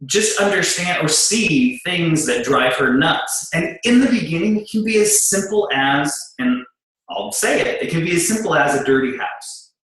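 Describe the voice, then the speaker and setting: Speaking at normal speed in a fairly high voice, a middle-aged man gives an audience a blunt, candid account of running a business with his wife. He performs their quoted exchanges with animation. The audio is poor, with heavy reverb.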